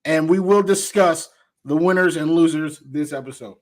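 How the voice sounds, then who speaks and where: A man co-hosting a casual sports talk show, playful and excitable, who laughs often. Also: on the high side, normal speed. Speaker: co-host.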